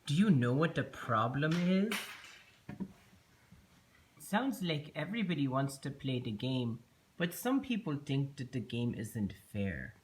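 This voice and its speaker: A woman voicing a gentle, patient female unicorn who hosts a kids show and teaches in a slow, soothing way. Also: a bass voice, sing-song, a little hiss or hum, heavily acted. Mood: calm. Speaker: host.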